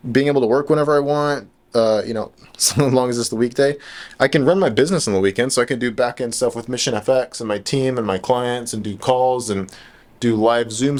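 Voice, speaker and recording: A young man from the United States talking casually in a vlog, relaxed and loose, full of fillers and restarts. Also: lowish voice. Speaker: trading vlogger. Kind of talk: casual rambling monologue.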